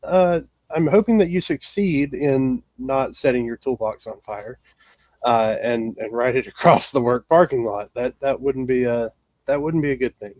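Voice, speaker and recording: A man's voice: mid-range voice, moderate pace, darkish tone, dry recording, dull audio. Filler-heavy male podcast host, dry sound. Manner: hesitant, many fillers and restarts. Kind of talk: casual live show hosting.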